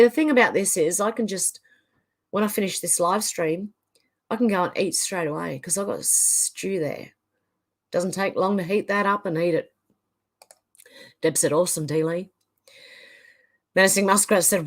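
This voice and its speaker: A woman's voice: mid-range voice, a bit bright. A middle-aged woman hosting a live stream, reading viewer comments aloud with frequent laughter. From Australia. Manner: reads comments aloud, often laughs and chuckles. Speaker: livestream host reading chat. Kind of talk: casual chat reading out comments.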